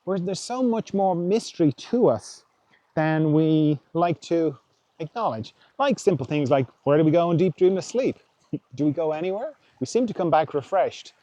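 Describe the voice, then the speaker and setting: A man hosting a reflective spiritual talk, musing gently and voicing imagined thoughts aloud. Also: on the high side, lively intonation, moderate pace, dry recording. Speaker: podcast host.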